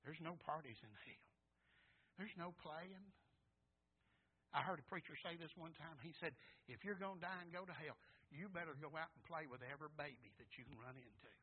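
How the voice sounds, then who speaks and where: A man's voice: lively intonation, breathy edge. Preacher man on a tinny line. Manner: swings from hushed, halting storytelling to loud, high cries. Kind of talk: sermon.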